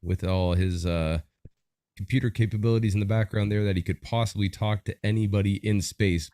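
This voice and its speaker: A man hosting a battle livestream, upbeat and chatty with a rambling flow. His voice is low, recorded close and dry. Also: warm tone, no room sound. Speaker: livestream host.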